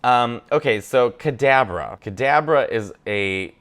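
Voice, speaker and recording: A man chatting casually and animatedly while ranking a list, now and then breaking into squeaky voices. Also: measured pace, fairly bright tone, smooth. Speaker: comedian ranking Pokémon. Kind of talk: casual chat.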